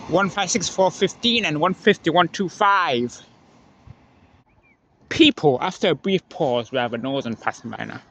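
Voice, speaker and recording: A man filming trains from the trackside, chatting excitedly as they pass and swinging between mumbled asides and excited squeals. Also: a little high, moderate pace, slight background noise. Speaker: trainspotting vlogger. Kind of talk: excited live commentary. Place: outdoors beside a railway line.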